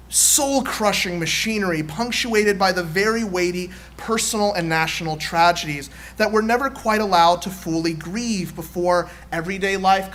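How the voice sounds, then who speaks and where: A man preaching a sermon in a church, in rhythmic, repetitive oratory. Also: high-pitched. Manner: builds to shouted call-and-response chant. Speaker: guest preacher. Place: church sanctuary.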